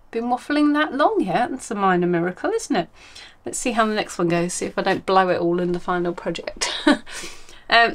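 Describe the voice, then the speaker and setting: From home, a woman hosts a crafting podcast in a casual, rambling chat full of ums and self-corrections. Her voice is medium-pitched and a bit bright.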